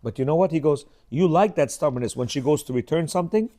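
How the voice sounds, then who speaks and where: A man's voice: a little high, fast talker, dark tone. A middle-aged man telling a rambling personal story with many restarts and acted quotes, as host of a casual talk.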